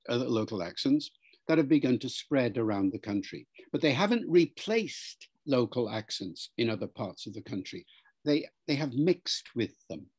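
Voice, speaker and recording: A man's voice: mid-range voice, darkish tone, slightly rough. A man, a linguistics professor, explaining pronunciation in an interview in a lecturing way and demonstrating sounds aloud.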